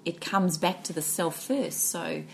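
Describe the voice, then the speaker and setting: A woman co-hosting a podcast, talking in a thoughtful, animated way. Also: lowish voice, a little slow, gravelly, a little hiss or hum. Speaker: podcast co-host. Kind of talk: casual reflective chat.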